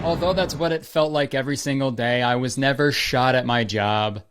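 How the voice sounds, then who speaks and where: A man's voice: mid-range voice, moderate pace, hardly any pauses, over loud music. A young man giving sarcastic, self-deprecating comedic commentary, swearing often. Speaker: comedy YouTuber.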